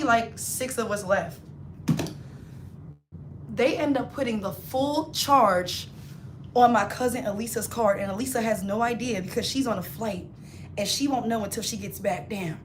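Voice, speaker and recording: A woman with a high voice tells a story on a casual livestream, animated and full of slang. She keeps slipping into her friends' voices as she talks. The room sounds roomy, with a faint hum behind her. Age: adult, not in her twenties. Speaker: hairstylist livestreamer.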